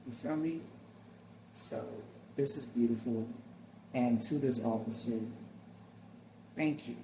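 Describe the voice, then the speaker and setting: Gravelly heartfelt man hosting reactions. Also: medium pitch, mellow, slight background noise. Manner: heartfelt, addresses viewers as friend; easily moved to tears. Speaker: channel host. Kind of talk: reaction commentary on video clips.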